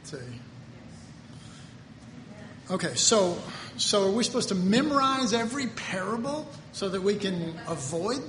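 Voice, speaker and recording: A pastor with a fairly high voice for a man, preaching in a folksy, earnest storytelling manner that swells into emphatic preaching. His words ring through a large church hall with a long reverb tail, and faint room ambience sits underneath. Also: animated, normal speed, hardly any pauses, fairly bright tone, slight background noise. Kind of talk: conversational sermon with personal stories.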